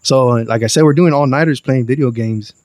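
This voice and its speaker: A young man, a podcast guest telling a wild story in a lively, profane, slangy way. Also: mid-range voice, brisk, no room sound. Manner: animated, profane, slangy storytelling with acted quotes. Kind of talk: casual storytelling.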